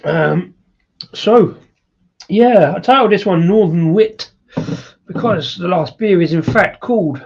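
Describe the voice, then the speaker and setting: A man's voice: sits high, animated, a little slow, vocal fry, pauses often, husky, dull audio. A man hosting a casual live-stream beer review, rambling with lots of fillers and chuckles. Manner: rambling, with many fillers and laughs.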